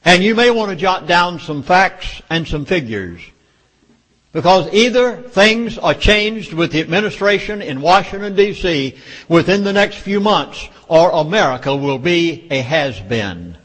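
A Southern US man addresses an audience in a meeting hall, urgent and emphatic as he lectures them, with long hall reverb around him. His voice is high-pitched and animated yet a little slow, with a fairly bright tone.

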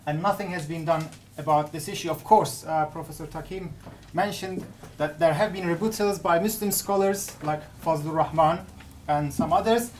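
A woman giving a conference paper presentation, speaking haltingly with many restarts and fillers. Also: low-pitched, a little mellow, slight background noise. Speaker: academic presenter.

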